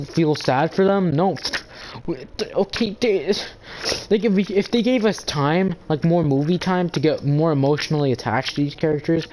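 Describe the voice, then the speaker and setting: A man's voice: mid-range voice, darkish tone, slight background noise, rough recording. Rambling, cursing young-sounding man ranting. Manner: rambling, profane, full of "like" and restarts. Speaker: gaming channel host. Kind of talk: casual ranting monologue.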